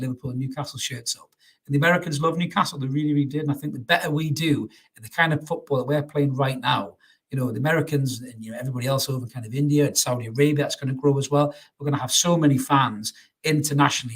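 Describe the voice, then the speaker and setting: A man's voice: mid-range voice, a bit bright, husky. A man hosting a live fan stream, chatting through viewer comments and calling everyone mate. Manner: chatty, calls everyone mate, many restarts. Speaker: fan channel host.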